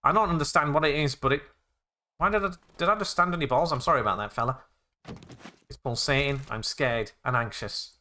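A young man playing a zombie game, excitable and jokey, narrating his actions with "I said". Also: mid-range voice, brisk, a little hiss or hum. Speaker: gaming YouTuber.

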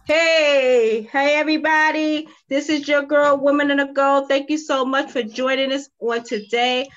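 A woman's voice: sits high, flat delivery, a little slow, faint music behind. A woman in her fifties from New York state, hosting a live video chat in a bubbly, chatty way and often saying "guys". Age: 50s. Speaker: host. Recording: muffled video call audio.

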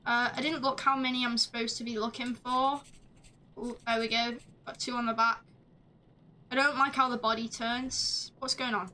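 A woman streaming a game live, chatting along as she plays, swearing freely and shouting at the screen. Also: fairly high pitch, steady tone, normal speed, slight background noise. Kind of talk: live gameplay commentary.

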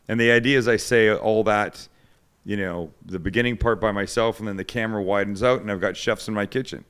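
A man's voice: lowish voice, fast talker, fairly bright tone, clear, resonant tone. A man hosting a cooking show, telling stories in casual chat and poking fun at his friends. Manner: joking storyteller, does voices of others.

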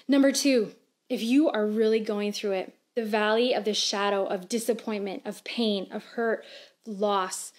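A woman in her thirties preaching a sermon on a church livestream, earnest and conversational, asking gentle questions. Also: medium pitch, steady tone, measured pace. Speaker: pastor.

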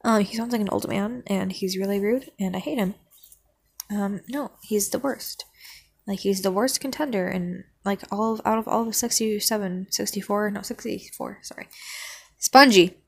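A woman's voice: medium pitch, steady tone, normal speed, gravelly, darkish tone, breathy edge. A woman talking casually and meandering through her opinions, trailing off into hums and ums, sometimes bursting into mock outrage. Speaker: vlogger ranking cartoon characters. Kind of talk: casual rambling commentary.

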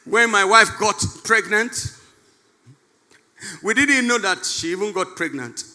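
A Nigerian man preaching in church as pastor, moving from soft storytelling to shouted, chanted prayer. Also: high voice, slow, in a large hall. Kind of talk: sermon. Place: church service.

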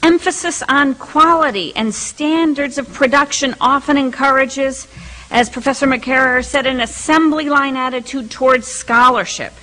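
A middle-aged woman reading a prepared academic lecture at a colloquium, measured and deliberate, with occasional restarts. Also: high-pitched, pushed and bright, low-quality recording. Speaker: colloquium speaker.

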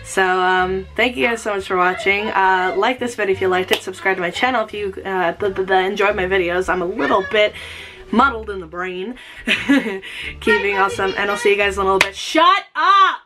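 A woman talking casually in a vlog, excitable and rambling, with mild swearing. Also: medium pitch, brisk, music in the background. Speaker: YouTuber.

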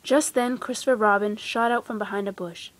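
A woman gently and expressively reading a children's storybook aloud. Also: medium pitch, steady tone, a little fast, no room sound. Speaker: storybook reader.

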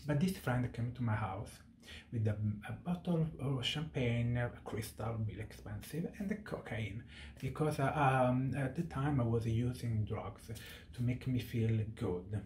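A man in his thirties talks to his viewers in an earnest, heartfelt way and often stops to search for the right words. His voice is mellow and soft. The sound is roomy and echoes off the walls. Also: medium pitch, unhurried, slight background noise. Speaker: vlogger. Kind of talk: personal monologue to camera.

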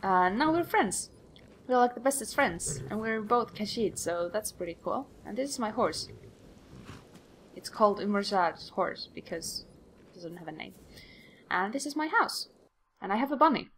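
A woman's voice: medium pitch, lively intonation, normal speed, pauses often, a bit bright, slight background noise. A young woman hosting a game playthrough, chatty and rambling, acting out the voices she quotes. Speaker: let's play host. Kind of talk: casual gameplay commentary.

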